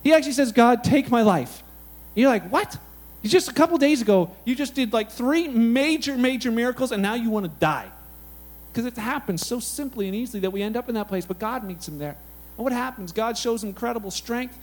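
A man preaching a sermon in a casual, animated, conversational way, telling Bible stories with lots of "like" and "you know". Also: very high-pitched, fast talker. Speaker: pastor.

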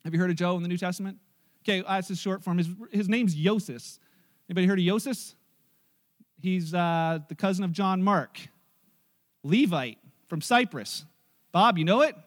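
Middle-aged guy preaching a sermon, really high voice, chatty storyteller, jokes with the crowd. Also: moderate pace, pauses often. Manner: animated, storytelling with acted quotes and audience asides. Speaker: pastor.

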